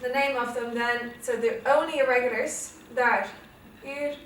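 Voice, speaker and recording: A woman's voice: on the high side, steady tone, a little slow, a bit bright. A young Irish woman teaching a Spanish revision lesson, explaining step by step and often checking "okay?". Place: classroom. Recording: echoey classroom from far off, faint noise.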